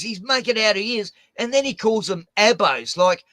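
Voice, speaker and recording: A man with an Australian accent, hosting and telling rough stories in casual chat, swearing a lot. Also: sits high, moderate pace, no room sound. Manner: swears heavily, animated rants. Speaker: host. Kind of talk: profane casual storytelling.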